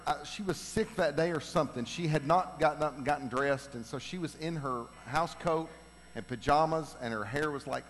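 A middle-aged man telling humorous family stories to a congregation, animated and building to loud, laughing punchlines. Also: fairly high pitch. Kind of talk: humorous personal storytelling. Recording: long reverb of a large hall.

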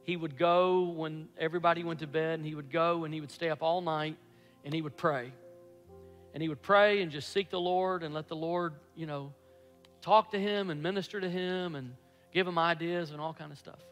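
A pastor in his fifties telling a story in a sermon, animated and acting out his own past excitement. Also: fairly high pitch, normal speed. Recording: echoey hall with faint music.

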